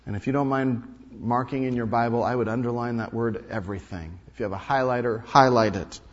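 A male pastor preaching a sermon, emphatic, repeating key lines and swinging between loud and hushed delivery. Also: medium pitch, a little fast. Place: large hall or sanctuary. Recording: dull sound with long hall reverb.

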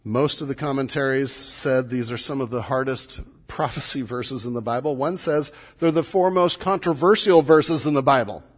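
A man's voice: medium pitch, moderate pace, hardly any pauses. A middle-aged man, a pastor, preaching a sermon in a conversational, teaching way with light humor, recorded in a church sanctuary. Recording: long hall reverb.

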